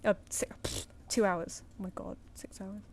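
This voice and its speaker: A woman's voice: medium pitch, steady tone, moderate pace, darkish tone, breathy edge. A woman artist chatting casually on a live stream while she draws, muttering and counting under her breath.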